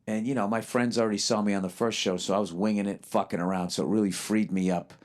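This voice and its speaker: Profane, blunt stand-up comedian telling stories. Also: male voice, on the low side, steady tone, fast talker. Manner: blunt and heavy on swearing. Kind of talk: profane podcast storytelling.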